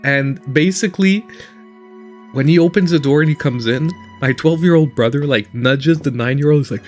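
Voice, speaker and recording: A man hosting a casual gaming livestream, telling stories in an animated way as he plays. His voice sits a little high and he laughs often. Faint game music plays behind him. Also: moderate pace. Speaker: gaming channel host.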